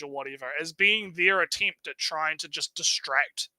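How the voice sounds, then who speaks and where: Bright, tense man rambling in chat. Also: a little high, moderate pace, few pauses, dry recording, low-quality recording. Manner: rambling, tags lines with "right?"; repeats words when starting phrases. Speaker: stream co-host. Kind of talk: casual chat.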